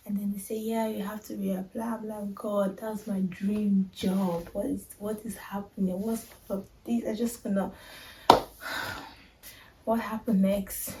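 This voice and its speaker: A woman's voice: mid-range voice, warm tone, roomy sound, far from the mic, slight background noise, rough recording. A young woman telling her own story in a personal vlog, emotional and confiding, often turning to her viewers as if talking to friends. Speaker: vlogger.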